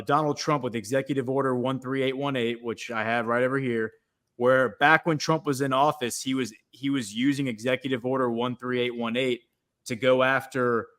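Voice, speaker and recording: A man's voice: mid-range voice, fairly bright tone. A man talking on a political livestream as a guest commentator, rambling with frequent restarts and fillers.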